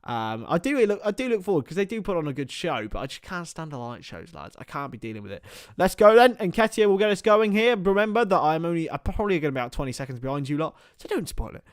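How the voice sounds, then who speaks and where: A man streaming live fan commentary on a football match, excitable and rambling, chatting with his viewers between calls of the play. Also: fairly high pitch, quick pace, hardly any pauses, clear, resonant tone, no echo, clean studio sound.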